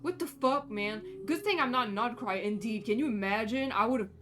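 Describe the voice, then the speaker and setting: Woman streamer, tired, exasperated, swearing, fairly high voice, soft game music behind. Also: moderate pace. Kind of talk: casual gameplay commentary.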